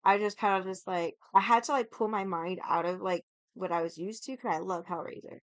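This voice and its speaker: A young woman livestreaming in casual chat, hoarse from yelling and rambling with lots of "like". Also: medium pitch, fairly quick, no room sound. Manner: rambling, heavy use of "like".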